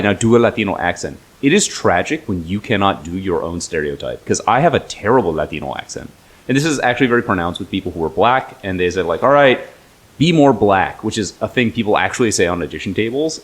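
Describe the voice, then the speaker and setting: Young male host, low voice, chatty storyteller. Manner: chatty, storytelling, laughs often. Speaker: podcast host. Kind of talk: casual chat.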